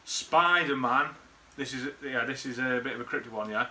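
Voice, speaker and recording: A man's voice: mid-range voice, level tone, fast talker, pushed and bright. A man recording a rambling, sweary birthday message full of memories for an old friend. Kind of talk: casual rambling reminiscence.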